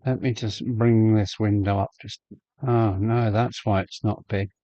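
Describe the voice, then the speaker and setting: Slow, chatty man hosting a live stream. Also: fairly low pitch, fairly even intonation, dark tone, no room sound, dull audio. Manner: chatty, rambling, greets viewers by name. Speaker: host of a model railway live stream. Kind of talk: casual live-stream chat. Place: home loft with a model railway layout.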